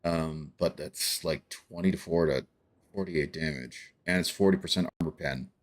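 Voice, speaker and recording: Deep-voiced laid-back male gamer. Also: moderate pace. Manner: laid-back, muses aloud over game stats. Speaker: gamer co-player. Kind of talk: casual gaming banter.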